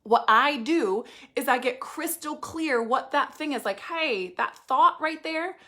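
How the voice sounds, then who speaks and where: A woman in her thirties runs a live training with a high voice and no filter. She swears freely and presses her points hard and fast, coaching with raw, punchy energy. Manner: blunt, profane, fast-talking, energetic. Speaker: business coach.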